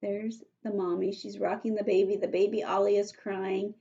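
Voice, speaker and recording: A woman teacher reading a story aloud to young children, explaining words slowly and patiently and checking in with them often. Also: medium pitch, little pitch movement, vocal fry, warm tone, muffled recording. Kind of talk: read-aloud vocabulary lesson for young children.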